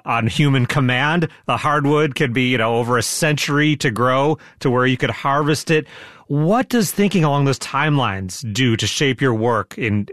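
A man with a mid-pitched voice interviews two guests, asking conversational follow-up questions. His voice sounds dry and close, with no room echo. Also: a bit bright. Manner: conversational, asks follow-ups.

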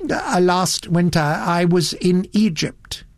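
A man voicing an observant, refined elderly gentleman who talks in a polite, slightly hesitant way. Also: high-pitched, lively intonation, slow, pitched above the performer's own voice, heavily acted. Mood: regretful.

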